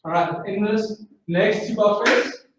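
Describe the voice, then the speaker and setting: A man's voice: sits high, fairly even intonation, slow. A man teaching a drumming masterclass, encouraging his students and singing out rhythms with syllables. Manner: encouraging, sings out rhythms with vocables. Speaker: drumming instructor. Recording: far-off mic, very echoey room, faint noise.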